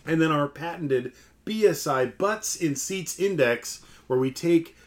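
A man's voice: a little high, lively intonation, a little slow. A man co-hosting a casual movie podcast, reading out listener comments and box office figures. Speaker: podcast co-host.

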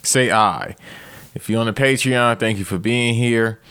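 A man's voice: mid-range voice, a little slow, clear, resonant tone, no echo. A man in his thirties ranting loosely and profanely as a podcast host, with sudden outbursts. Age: 30s. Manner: profane, rambling, animated outbursts. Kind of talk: comedic rant.

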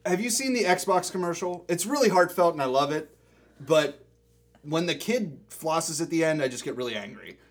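A man with a husky, slightly breathy voice co-hosts a podcast. He teases the others and cracks jokes constantly. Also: on the high side, expressive, moderate pace. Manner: teasing, wisecracking. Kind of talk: casual chat.

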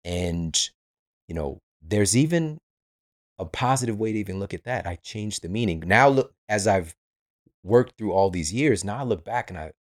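Deep-voiced man podcast host. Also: animated, moderate pace, no room sound, clean studio sound. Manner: earnest, reflective, speaks in personal anecdotes. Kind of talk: podcast conversation.

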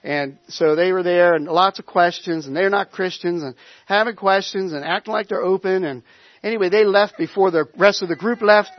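A man's voice: sits high, normal speed, dry recording, lo-fi sound. A man preaching a sermon, telling a personal story in a conversational way with many restarts. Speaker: pastor.

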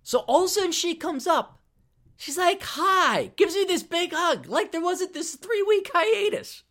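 A man's voice: very high voice, expressive, normal speed, a bit bright. A man hosting a podcast, telling a casual, profane story full of tangents and restarts. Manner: profane, rambling, drifting into tangents. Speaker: podcast host.

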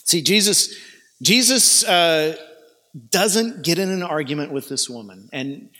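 Male pastor preaching, earnest, kinda high bright voice, lots of hall echo. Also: animated, a little slow. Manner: earnest, urging, conversational asides. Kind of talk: sermon. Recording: long hall reverb.

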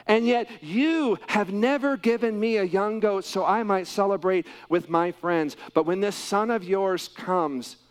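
A man's voice: high voice, unhurried, hardly any pauses, smooth, voice pushed up. A man preaching a sermon, acting out a resentful grown older brother who complains with rising emphasis. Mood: indignant.

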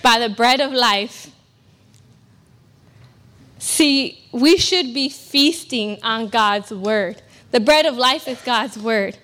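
A woman's voice: fairly high pitch, slow pace, fairly bright tone. A young woman from California preaching a sermon at a church service, earnest and emphatic with self-deprecating asides. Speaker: guest preacher.

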